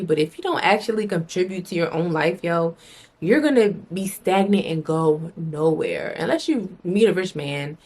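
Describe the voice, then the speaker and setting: A woman's voice: fairly low pitch, breathy edge. A young adult woman talking to camera in a casual motivational vlog, blunt and emphatic, swearing freely and repeating phrases for emphasis. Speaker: vlogger.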